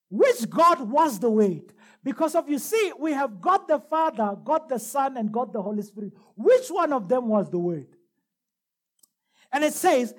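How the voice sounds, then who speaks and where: High, lively woman preaching. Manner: emphatic preaching, slows down to read scripture aloud. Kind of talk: sermon.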